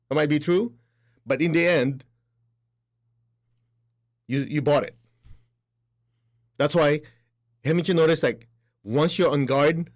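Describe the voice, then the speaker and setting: A man giving a spiritual lecture, animated and laughing between points, acting out other people's voices as he talks. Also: fairly high pitch. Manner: animated, acts out quoted voices. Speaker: spiritual teacher. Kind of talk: spoken lecture.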